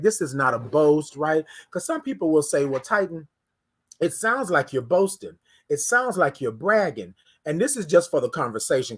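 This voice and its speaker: Animated man hosting a morning show. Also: fairly high pitch, breathy edge. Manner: animated storytelling, acts out quoted voices. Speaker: host. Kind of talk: casual morning livestream talk.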